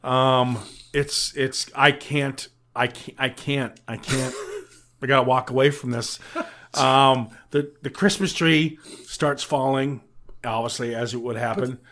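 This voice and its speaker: A loud young man with an American accent, chatting on a podcast. He swears freely and sounds comically exasperated as he retells a film scene by scene. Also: medium pitch, fairly even intonation, unhurried. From United States. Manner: boisterous, swears a lot, mock-exasperated retelling. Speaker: podcast co-host. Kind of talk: casual podcast chat.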